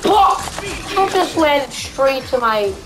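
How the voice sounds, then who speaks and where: A young woman playing a video game and commenting, often yelling and cheering at what happens on screen. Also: mid-range voice, measured pace, rough recording. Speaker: gamer. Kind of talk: let's play commentary. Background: game music.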